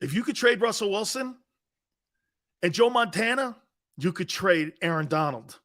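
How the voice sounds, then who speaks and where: A brash sports talk host rants in a loud, mocking style. His voice sits high for a man and has a bright, cutting edge. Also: animated, normal speed.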